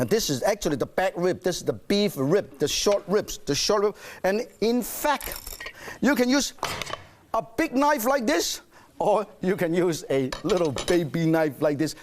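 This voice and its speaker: Lively high-voiced man demonstrating cooking. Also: slight background noise. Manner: animated and playful, coaxing the audience. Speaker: cooking show host. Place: studio kitchen.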